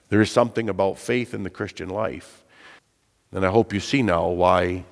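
A man's voice: sits low, in a large hall. A man preaching a sermon, earnest and emphatic, asking his listeners rhetorical questions. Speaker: pastor.

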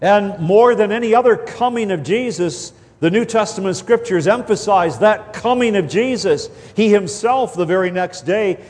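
A man preaching an expository sermon, slow and deliberate, stressing key words and sometimes repeating himself as he drives a point home. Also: high-pitched, a little mellow. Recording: long hall reverb.

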